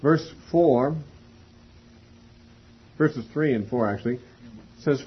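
A man teaching a Bible class in a methodical way, spelling out words and pausing often. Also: mid-range voice, slightly rough. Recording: dull lo-fi recording.

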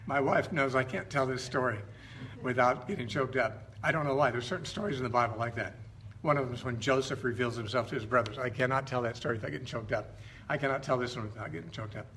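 A middle-aged man retelling Bible stories in an informal teaching style, conversational and halting, often stopping to correct himself. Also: mid-range voice, a bit bright, slight background noise.

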